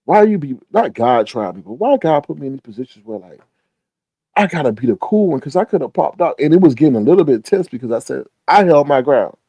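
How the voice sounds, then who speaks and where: A man hosts a casual live stream and talks straight to his viewers. His voice swoops up and down with a lot of life, and he often breaks into excited exclamations. The tone is warm and dark, and the sound is close and dry. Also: medium pitch, quick pace, slightly rough, dry recording, highs cut off.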